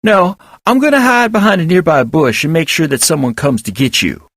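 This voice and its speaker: A man's voice: fairly high pitch, lively intonation, brisk, fairly bright tone, no echo, studio quality, voice pushed up. A man doing Elgar, a kindly young chipmunk. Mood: reassuring. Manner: earnest, reassuring. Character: kindly humble young male chipmunk agent. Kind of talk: audiobook character voice.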